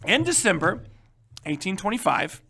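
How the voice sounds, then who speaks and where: A male history teacher giving a casual, animated lecture, joking and checking in with his students. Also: sits high, normal speed, vocal fry, slightly rough. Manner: animated, joking, keeps asking "right?".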